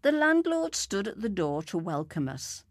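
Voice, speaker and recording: A woman reading a story aloud, unhurried and expressive. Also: medium pitch, no room sound, studio quality.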